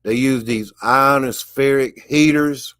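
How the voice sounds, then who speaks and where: A man's voice: medium pitch, steady tone, slow pace, fairly bright tone, smooth. Emphatic, preachy man ranting. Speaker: vlogger. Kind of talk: casual monologue rant.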